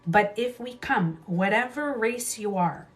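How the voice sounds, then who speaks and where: With soft music in the background, a mid-range female voice speaks at a measured pace while hosting a casual livestream. The beauty coach is emphatic, repeats her phrases, and swears freely, all through a livestream camera mic.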